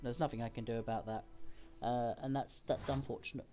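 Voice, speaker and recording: A man's voice: medium pitch, steady tone, brisk, over music. A man streaming a card game, explaining each decision as he thinks aloud. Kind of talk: casual gameplay commentary.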